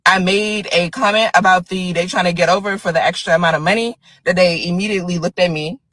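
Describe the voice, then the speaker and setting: A woman's voice: on the low side, fairly even intonation, quick pace, fairly bright tone, no echo, low-quality recording. A woman retelling a bad salon visit in an agitated, indignant, detailed way. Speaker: salon customer. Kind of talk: upset storytelling vlog.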